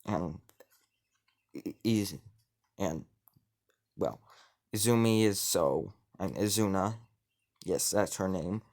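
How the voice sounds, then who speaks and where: A man's voice: sits low, slow pace, long pauses, a little mellow. A man improvising a fantasy story in casual narration, rambling, with frequent restarts and self-corrections.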